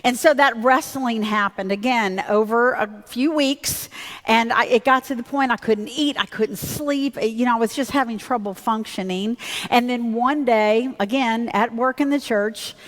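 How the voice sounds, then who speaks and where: A woman's voice: on the high side, measured pace. Woman pastor preaching in a reverberant church. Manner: candid, conversational storytelling with fillers and self-corrections. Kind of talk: storytelling sermon. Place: church sanctuary. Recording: long reverb of a church hall.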